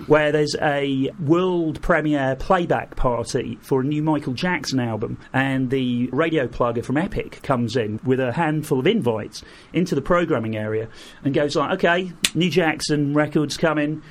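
A middle-aged man, a guest, telling lively anecdotes and acting out the people in them. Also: a little high, moderate pace. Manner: animated anecdotes, acts out quoted voices, laughs through. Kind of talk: storytelling in an interview.

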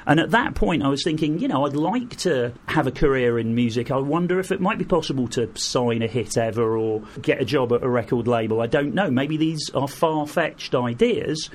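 A middle-aged man, a guest, telling lively anecdotes and acting out the people in them. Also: mid-range voice, moderate pace, hardly any pauses. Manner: animated anecdotes, acts out quoted voices, laughs through. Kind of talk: storytelling in an interview.

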